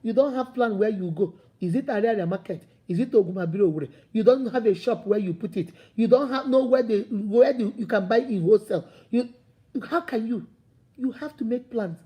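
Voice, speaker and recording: A woman gives a motivational talk in a preachy, animated way. Her voice sits high, with a mellow, soft-edged tone. She acts out the voices of imagined people as she makes her points. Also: brisk. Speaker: motivational speaker.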